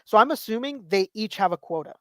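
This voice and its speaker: A man's voice: high voice, expressive, fast talker, sharp tone, dry recording, clean studio sound. A man in his thirties co-hosting a podcast, telling rambling stories, swearing freely and acting out quotes. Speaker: podcast co-host. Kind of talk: casual chat.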